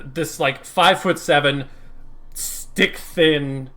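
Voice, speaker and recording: A man's voice: mid-range voice, sharp tone. A man narrating a tabletop role-play as game master, rambling and describing vividly with many fillers.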